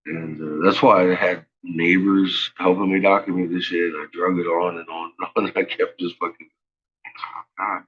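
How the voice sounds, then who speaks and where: Deep-voiced man, profane, stammering storyteller, muffled lo-fi sound. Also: little pitch movement, normal speed, a little hiss or hum. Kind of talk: casual rambling monologue.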